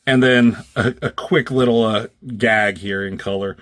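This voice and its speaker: A man's voice: lowish voice, fairly even intonation, measured pace, fairly bright tone, dry recording, clean studio sound. A man reviewing comic strips in a casual, rambling chat, swearing freely and acting out characters' lines in raised voices.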